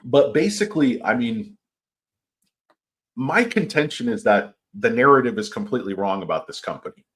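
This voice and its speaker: A man's voice: mid-range voice, animated, moderate pace, fairly bright tone. A man giving a casual, rambling stock market commentary, opinionated and full of filler words.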